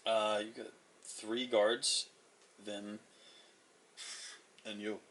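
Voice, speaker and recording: A man's voice: fairly low pitch, flat delivery, drawn-out words, fairly bright tone. A man narrating a tabletop game as game master, casual with many fillers and frequent chuckles.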